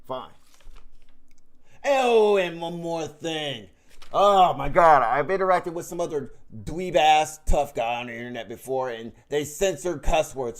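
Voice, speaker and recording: A man's voice: a little high, animated, moderate pace. A man ranting straight to his audience, heated and profane, rambling with many restarts. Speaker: YouTube commentator. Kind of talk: unscripted rant to camera.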